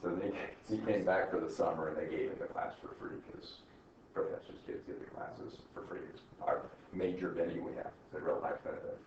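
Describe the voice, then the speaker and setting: Deep-voiced rambling older male professor, roomy. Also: fairly quick. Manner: rambling, chatty, laughs at his own stories. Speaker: college professor. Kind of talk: informal classroom lecture. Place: classroom. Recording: echoey classroom from far off, dull and faintly noisy.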